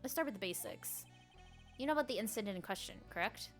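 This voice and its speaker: A woman acting out a cool male prosecutor who speaks low and smoothly, full of self-assurance. Soft music runs under the game voice. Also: expressive, fast, close to an everyday voice.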